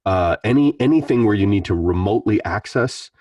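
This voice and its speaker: A man's voice: fairly low pitch, animated, a little fast, a little mellow, no room sound, far from the mic. A man talking in a rambling, conversational way as a panelist in an online meetup. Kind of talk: casual online meetup discussion. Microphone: video call.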